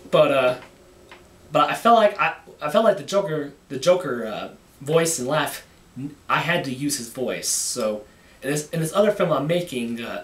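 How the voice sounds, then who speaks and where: A man casually talking about making his own film, halting and often repeating words as he restarts. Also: medium pitch, fairly bright tone, a little hiss or hum. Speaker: amateur filmmaker. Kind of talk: casual behind-the-scenes talk. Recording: echoey room, mic at a distance.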